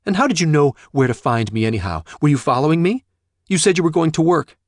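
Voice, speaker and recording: A man voicing a sharp, indignant young woman confronting her father. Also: mid-range voice, sing-song, moderate pace, no room sound, studio quality, pitched above the performer's own voice, lightly acted. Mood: angry. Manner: indignant, accusing.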